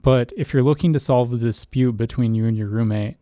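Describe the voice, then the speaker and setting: A young man with a mellow, dark-toned voice, talking on a podcast in a measured, even-handed way. He teases dryly. The sound is dry and close to the mic. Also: medium pitch, dry recording. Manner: measured, mediating, dryly teasing. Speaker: podcast co-host. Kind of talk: casual podcast chat.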